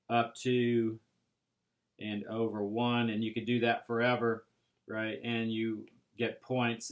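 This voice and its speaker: A man teaching an algebra class, explaining step by step in a patient way with frequent pauses and "right?" checks. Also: mid-range voice. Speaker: math instructor. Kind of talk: recorded classroom lecture.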